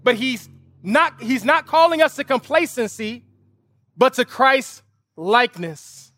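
A man's voice: very high voice, big pitch swings, measured pace, sharp tone, no room sound. A man preaching a sermon as pastor, telling a family story and building to emphatic, repeated rhetorical appeals. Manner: impassioned preaching with vivid storytelling and emphatic repetition. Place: outdoor lawn service.

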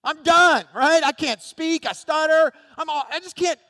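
A frantic eighty-year-old Moses pleads and protests in a high, strained voice, as a preacher puts him on. He sounds flustered and whiny. The voice rings out with a long hall reverb. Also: extremely slow, bright, forceful tone, studio quality, full character voice. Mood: panicked.

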